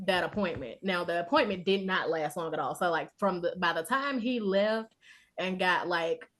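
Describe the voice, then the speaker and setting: A woman's voice: on the low side, normal speed, fairly bright tone. A young woman who is a podcast guest, telling her own story in a casual, wry, matter-of-fact way.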